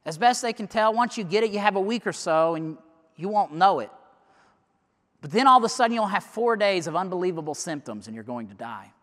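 A man telling a sermon illustration as a dramatic story, going from loud urgency to hushed near-whispers. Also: sits high, lively intonation, brisk. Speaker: preacher. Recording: long reverb of a large hall.

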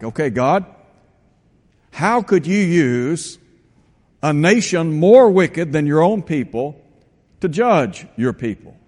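A man preaching a sermon, reading scripture aloud and slowing down to stress the quoted verses. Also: on the high side, darkish tone, long reverb tail.

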